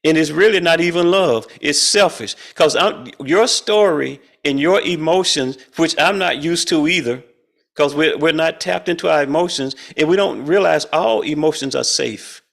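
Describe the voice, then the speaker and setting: Host: middle-aged man, gravelly and slightly high voice, folksy and chatty, chuckles a lot, on a video call. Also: normal speed, fairly bright tone. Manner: folksy, colloquial, chuckles often. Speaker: spiritual study group leader. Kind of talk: casual spiritual talk.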